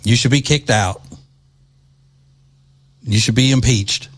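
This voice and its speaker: A man's voice: medium pitch, slow. A man from Louisiana hosting a political talk show, delivering mocking, indignant commentary.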